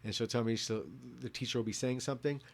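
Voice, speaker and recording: A man's voice: medium pitch, steady tone, quick pace, dry recording. A man in his thirties giving a drunken, rambling rant as a vlogger, swearing and restarting his sentences often. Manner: profane, rambling, many restarts.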